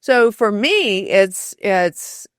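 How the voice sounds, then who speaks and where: A woman guest on an interview podcast, answering thoughtfully, pausing on many fillers and restarts. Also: medium pitch, big pitch swings, clear, resonant tone, no room sound, studio quality. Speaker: podcast guest, storytelling author. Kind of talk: conversational interview.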